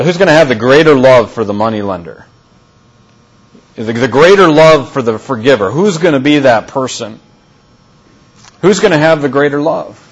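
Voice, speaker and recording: A male pastor delivering a sermon, deliberate and repeating key phrases for emphasis. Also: mid-range voice, slightly rough, poor audio.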